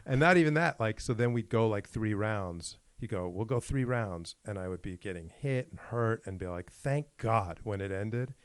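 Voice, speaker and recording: A man co-hosting a podcast, telling animated stories and laughing his way through them. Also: on the low side, normal speed, few pauses, smooth, no echo. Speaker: podcast co-host. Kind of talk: casual podcast chat.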